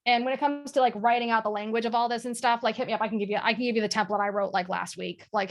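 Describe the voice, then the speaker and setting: Brief: candid woman on a call, slightly high voice, quick and blunt. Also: fairly even intonation. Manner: frank, fast, swears casually. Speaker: guest sales leader. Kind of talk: casual panel chat.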